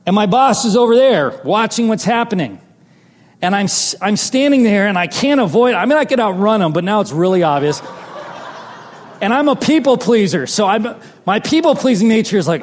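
A man preaches a personal testimony, telling his story sermon-style in a slightly raised pitch. He swings between loud, exclamatory lines and quiet, hushed ones, and his voice rings with long reverb as if in a large hall.

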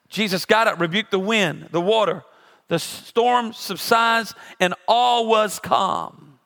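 High-pitched, gravelly-voiced preacher in his forties. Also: unhurried, fairly bright tone. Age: 40s. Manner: humorous storytelling with sound effects. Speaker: pastor. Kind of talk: sermon.

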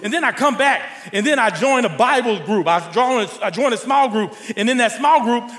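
Male pastor, high and bright, animated sermon delivery, long hall reverb. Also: a little fast, hardly any pauses. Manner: animated, rising to near shouts in stories. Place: large church hall.

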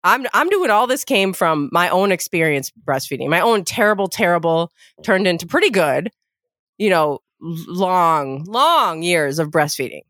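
A woman's voice: on the low side, expressive, moderate pace, a bit bright, dry recording. Chatty middle-aged woman co-host, dry sound. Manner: chatty, laughing, self-mocking. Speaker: podcast co-host. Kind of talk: casual chat.

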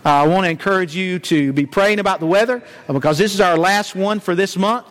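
Man, high voice, church lesson, folksy, pauses on "uh" a lot. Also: fairly bright tone. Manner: folksy, many "uh" fillers. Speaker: church teacher. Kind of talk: Sunday morning sermon lesson.

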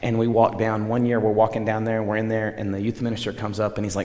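A middle-aged man preaching as a missionary, telling stories in a lively, conversational way and acting out the dialogue. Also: fairly low pitch, quick pace, hardly any pauses, big-room sound. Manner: animated, conversational, acts out dialogue. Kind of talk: sermon storytelling.

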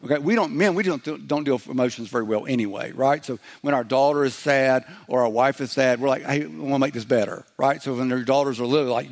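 A middle-aged man preaching a sermon in a conversational way, slipping into quick acted-out voices as he goes. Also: fairly high pitch. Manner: conversational preaching, acts out little quoted voices. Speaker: pastor.

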